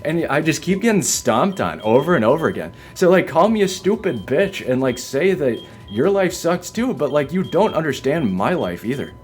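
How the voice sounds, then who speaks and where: A man's voice: a little high, big pitch swings, normal speed, few pauses, soft background music. A man streaming a video game from home, ranting defensively, swearing hard and leaning on "like" as filler. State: upset. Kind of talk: venting rant on a live stream. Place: home, by a window.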